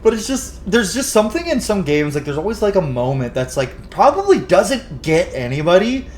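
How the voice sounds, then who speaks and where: A man's voice: high-pitched, sing-song, normal speed. A man giving casual gameplay commentary, candid and emotional, swearing freely. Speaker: let's play host.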